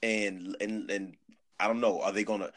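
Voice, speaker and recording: A man in casual podcast chat, animated and emphatic, often restarting his sentences. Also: on the low side, moderate pace. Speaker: podcast guest.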